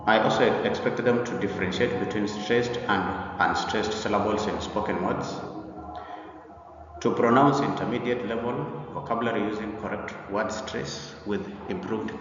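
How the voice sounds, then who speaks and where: A man presenting an English pronunciation lesson in a deliberate lecture style, often repeating himself and pausing on "uh". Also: on the low side, noisy background. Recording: echoey, dull recording from a distance.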